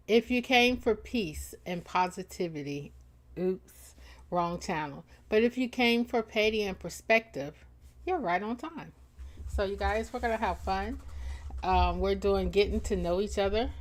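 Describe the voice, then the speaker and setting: A woman hosting a casual livestream, greeting viewers by name with playful, teasing banter and frequent laughter. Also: mid-range voice. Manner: laughs often between lines. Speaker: livestream host and chat moderator.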